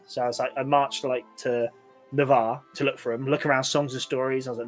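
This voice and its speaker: A man's voice: medium pitch, level tone, fast talker, soft background music. A man, co-hosting a podcast and telling a rambling story full of fillers. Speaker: podcast co-host. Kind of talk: casual chat.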